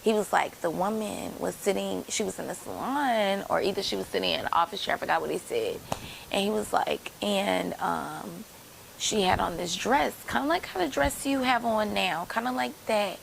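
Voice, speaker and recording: A woman's voice: medium pitch, normal speed, creaky, a little hiss or hum, rough recording. A woman in her late twenties telling a personal story to her viewers in a chatty, rambling way, calling them y'all. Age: late 20s. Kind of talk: casual storytime chat.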